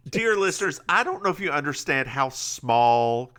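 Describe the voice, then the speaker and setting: A man with a Southern accent, co-hosting a podcast and recapping a TV episode in a joking, animated way. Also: fairly high pitch, moderate pace. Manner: animated, joking, mimics characters. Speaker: podcast co-host. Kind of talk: casual recap chat.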